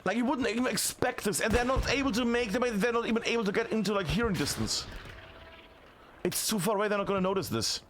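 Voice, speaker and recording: A man casting a tactical shooter match solo, chatty and excitable, shouting on big plays. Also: high-pitched, fast, slight background noise. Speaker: esports caster. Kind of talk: solo play-by-play commentary.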